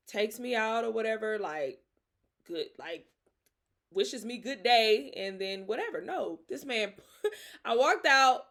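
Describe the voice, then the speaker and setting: A young woman hosting a podcast, telling a story in a lively, dramatic way with slang and frequent laughter. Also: on the high side. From Atlanta. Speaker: podcast host. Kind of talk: casual storytelling.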